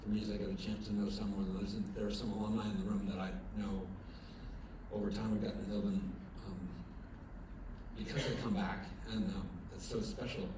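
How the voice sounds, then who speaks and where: A man's voice: on the low side, fairly quick. A man preaching in an echoey chapel. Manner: conversational storytelling, many fillers and restarts; grows lively and emphatic when telling a story. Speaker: pastor. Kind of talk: chapel sermon. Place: chapel at an evening service. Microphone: distant from the recording mic. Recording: very echoey chapel from far off, room noise.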